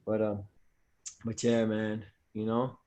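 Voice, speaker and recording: A man's voice: on the low side, completely flat delivery, slow, mellow. A man from New Jersey with a New Jersey accent, an actor guest chatting casually and peppering his talk with "man" and "you know.". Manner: easygoing, fills speech with "man" and "you know". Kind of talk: casual chat.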